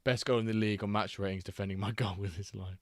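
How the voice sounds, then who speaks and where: A man co-hosting a live match watchalong stream in casual chat, bantering, swearing freely and bursting into excited calls of the play. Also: fairly low pitch, fast, no echo, studio quality. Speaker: stream co-host.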